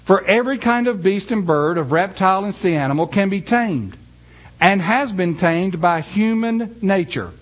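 A man with a fairly high voice delivers a sermon. He reads scripture slowly with weight on each phrase, then shifts into a folksy, conversational story. His delivery is that of a preacher addressing a congregation. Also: lively intonation.

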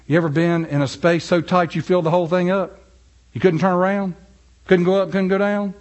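A man preaching a sermon to his congregation in a conversational way, asking them questions and swinging from loud, high preaching to quiet, low and soft delivery. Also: flat delivery, a little fast, highs cut off. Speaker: pastor.

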